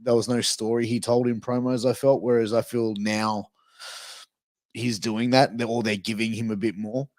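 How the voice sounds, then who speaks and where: A man's voice: mid-range voice, level tone, normal speed, darkish tone, no echo, clean studio sound. A man co-hosting a wrestling review podcast in casual chat, laid-back and swearing casually. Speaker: podcast co-host.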